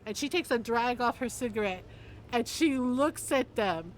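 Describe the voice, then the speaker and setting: A woman's voice: on the high side, animated, moderate pace, slight background noise. A woman streamer telling a family story in a casual way on her live stream, laughing often and asking "right?" after her lines. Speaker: gaming streamer.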